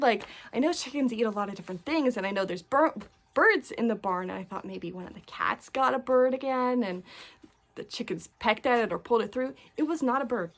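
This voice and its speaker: A woman's voice: fairly high pitch, lively intonation, brisk. Chatty woman gushing over craft patterns. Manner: chatty and gushing, many fillers. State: a bit out of breath. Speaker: cross-stitch vlogger. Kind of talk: casual chat.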